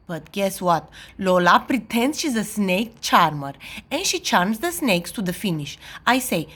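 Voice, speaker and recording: A woman reading a children's story aloud in a playful, expressive storytelling manner. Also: mid-range voice, a little slow, slightly rough.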